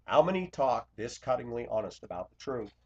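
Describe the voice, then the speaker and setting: A blunt, confrontational man delivers an impassioned confessional monologue to his viewers. He lurches from loud outbursts to quiet, low asides, his mid-range voice captured on a dull, lo-fi recording. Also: very animated, a little fast. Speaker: Christian video blogger.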